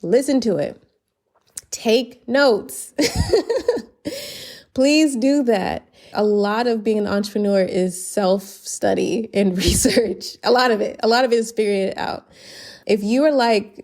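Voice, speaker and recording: A woman's voice: a little high, animated, slow, a little mellow. A woman hosting her own solo podcast, speaking earnestly and gratefully, laughing between sentences and a little choked up. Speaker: podcast host. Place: lives abroad, based in Barcelona.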